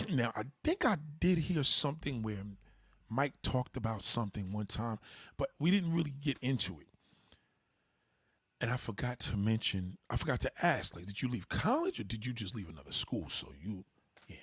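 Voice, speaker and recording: Husky, animated man talking on a livestream. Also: medium pitch, moderate pace, dry recording, clean studio sound. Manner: loud, profane, animated storytelling. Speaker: livestream host. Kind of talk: casual livestream chat.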